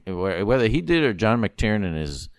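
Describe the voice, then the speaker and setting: A man's voice: fairly low pitch, very animated, a little slow, clean tone, dry recording, clean studio sound. A man, a podcast guest, chatting with amusement and enthusiasm, often restarting his sentences. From America. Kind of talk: casual chat.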